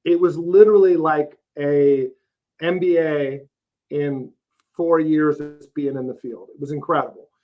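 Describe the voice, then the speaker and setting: A man's voice: on the high side, steady tone, measured pace. A man in his fifties from Texas, a roofing company CEO telling his career story as a guest in a casual interview, plain-spoken and folksy. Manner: plain-spoken, folksy, lots of "uh" and "you know". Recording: slightly dull, lo-fi podcast audio.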